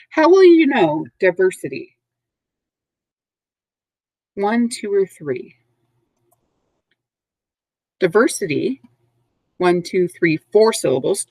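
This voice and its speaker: A woman teaching a recorded vocabulary lesson to third graders, speaking slowly and clearly, with call-and-response prompts. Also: medium pitch, big pitch swings, dry recording, rough recording.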